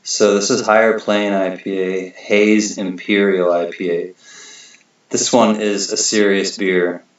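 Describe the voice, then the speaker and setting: A man's voice: fairly low pitch, level tone, a little slow, highs cut off. A man hosting a casual livestream, reading out viewer comments and rambling with a laid-back, laughing manner. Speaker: livestream host.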